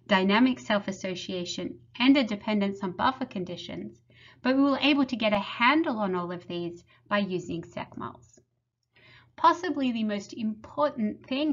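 A woman who heads a lab, giving a measured, explanatory webinar presentation. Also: mid-range voice. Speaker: lab head presenting research. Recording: slightly muffled webinar audio.

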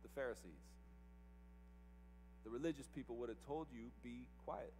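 A man's voice: medium pitch, normal speed, a little mellow, in a large hall, slight background noise. A male pastor preaching a sermon with emphasis, firing rhetorical questions at the congregation. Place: church service.

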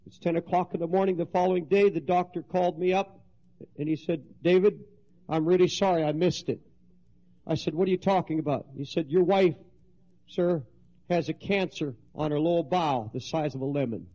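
A middle-aged man preaching with fervor, his voice pitched high for a man. He swings between ringing exclamations and quiet, confiding storytelling. The recording sounds dull and lo-fi, like an old 1970s sermon tape. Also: a little fast. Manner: fervent, swinging from loud exclamations to hushed storytelling. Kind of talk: impassioned sermon.

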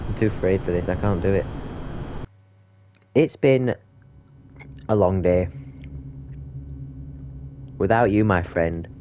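A man doing horror game commentary, swearing a lot and sounding exasperated and excitable. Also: low voice, takes it slowly, long pauses, a little hiss or hum. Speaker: gaming YouTuber.

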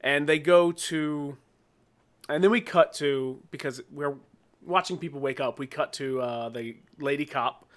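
Man, casual podcast chat, TV recap, slightly high voice, laughs often, acts out scene lines. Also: a little slow, a bit bright. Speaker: podcast co-host.

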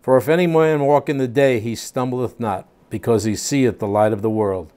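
A man's voice: mid-range voice, normal speed, darkish tone. An older man teaching a home Bible study, reading scripture aloud and then explaining it in plain, casual asides.

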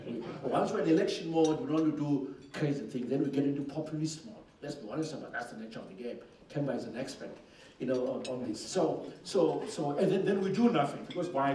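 A man's voice: mid-range voice, dark tone. Minister guy answering questions, blunt, lots of restarts, mic far off in a roomy hall with faint hiss. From Zimbabwe. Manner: frank and emphatic, with many restarts and repeated words. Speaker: finance minister. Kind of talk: answering questions at an investor forum. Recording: echoey conference room, distant mic, faint noise.

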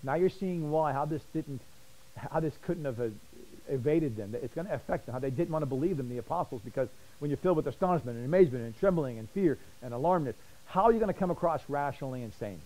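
A man teaching a Bible study, fast and passionate, often repeating words as he gets excited. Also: fairly high pitch, low-quality recording.

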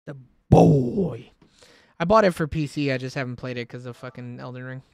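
A man's voice: mid-range voice, fast, no room sound. A man streaming a game and chatting casually with a friend, joking around. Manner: animated, joking, breaks into silly sing-song noises. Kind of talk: casual gaming chat.

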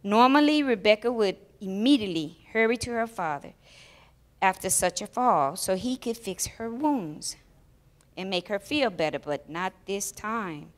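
A woman telling a children's story aloud during a church service, with expressive, emotional storytelling. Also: mid-range voice, unhurried.

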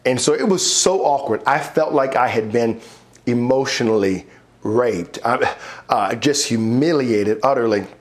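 A man preaching a sermon as pastor, telling his own story with lively acted-out voices and frequent laughter, building to rousing praise. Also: medium pitch, unhurried. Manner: animated, acts out voices in his stories, laughs often. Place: church online worship service.

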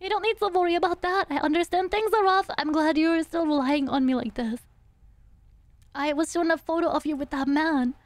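A woman voicing a caring young female game character in a gentle, reassuring way. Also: high-pitched, a little fast, no echo, lightly acted.

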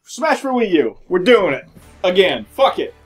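A man's voice: high voice, very animated, moderate pace. A man chatting through a fighting game, with his voice leaping around constantly and playful theatrics. Faint music plays underneath. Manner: playful, theatrical swings between loud and quiet. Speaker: let's play commentator. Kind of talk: casual gaming banter.

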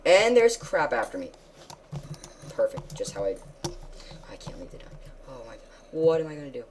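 A woman giving casual gameplay commentary, excitable, jumping from loud yelps to quiet mutters. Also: a bass voice, normal speed, a little hiss or hum. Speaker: gamer.

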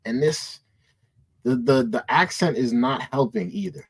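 Male reaction host with a slow, lively delivery; emphatic, joking. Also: medium pitch, creaky, slightly rough. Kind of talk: casual reaction commentary.

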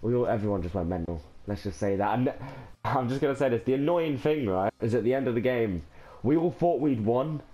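A man's voice: medium pitch, lively intonation, a little fast, mellow, muffled recording. A young Irish man in his teens talking to camera in a casual vlog, overwhelmed and rambling, with restarts and sighs. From Ireland. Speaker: gaming vlogger.

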